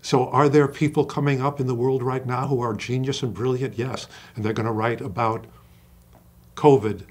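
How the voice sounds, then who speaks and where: An older man, an acting coach, talking in an interview with passion and slowing down to stress single words. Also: mid-range voice, steady tone. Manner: passionate, emphatic storyteller who acts out quoted dialogue. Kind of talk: interview conversation.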